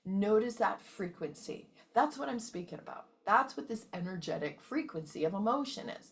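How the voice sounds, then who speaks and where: A woman's voice: medium pitch, animated, normal speed. A woman hosting a motivational wellness talk, emphatic and often checking in with her listeners. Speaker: wellness coach and host.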